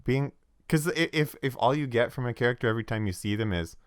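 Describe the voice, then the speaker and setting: A man's voice: medium pitch, fast talker, smooth, no echo, studio quality. A man co-hosting a podcast, chatting casually about tabletop games. He rambles, with frequent restarts and filler words. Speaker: podcast co-host.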